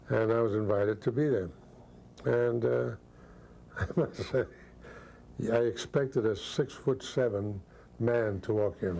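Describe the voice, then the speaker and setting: A gravelly man telling an anecdote. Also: on the low side. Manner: lively storyteller, mimics voices. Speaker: interviewee. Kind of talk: reminiscing anecdote.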